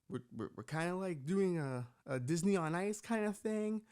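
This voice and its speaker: A man's voice: high-pitched, animated, moderate pace, a little mellow, clear, resonant tone. A young man from Bushwick, hosting a podcast and riffing through a profane, rambling comic rant. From Puerto Rican from Bushwick, New York. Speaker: podcast host.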